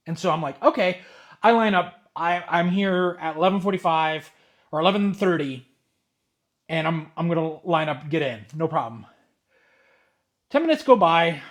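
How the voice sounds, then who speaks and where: A young man telling a rambling, exasperated story in a casual vlog, with excited asides as he opens cards. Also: on the high side. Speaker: card collector vlogger.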